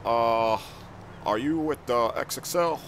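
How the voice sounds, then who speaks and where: A man voicing a polite, stiff male security guard who talks softly and hesitantly. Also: medium pitch, takes it slowly, slight background noise, pitched below the performer's own voice. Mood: firm. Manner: formal, hesitant, soft-spoken.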